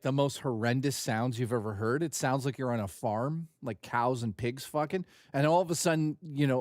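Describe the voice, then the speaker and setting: A man hosting a live reaction stream, joking loudly, swearing and rambling crudely at a desk mic. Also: medium pitch, no room sound, studio quality.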